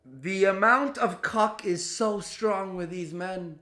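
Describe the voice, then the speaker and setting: A man with a high voice rants through a reaction commentary, exasperated and profane. He mocks what he hears. The room around him rings with echo. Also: takes it slowly, pushed and bright, faint music behind. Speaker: commentary host. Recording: roomy echo.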